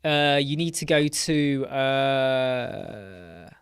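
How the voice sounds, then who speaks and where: A man's voice: medium pitch, lively intonation, very slow, clean tone, dry recording, studio quality. An English man hosting a casual live Q&A stream from a room at home, chatty and playful, rambling between questions. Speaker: web design live stream host.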